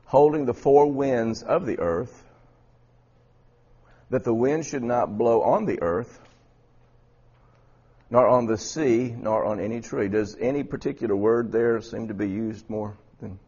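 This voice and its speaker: A man with a husky voice teaching a Bible study class, often repeating words and quizzing his students. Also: mid-range voice, unhurried, long pauses, warm tone, dull audio.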